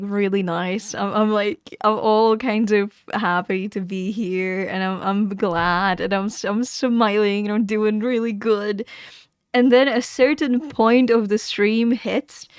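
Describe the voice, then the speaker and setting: A woman streamer talks casually into her microphone and rambles from one thought to the next. She giggles often and keeps correcting herself mid-sentence. Her voice is smooth and clear, recorded dry, with a mid-range pitch. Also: no room sound. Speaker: live streamer. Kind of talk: casual livestream chat.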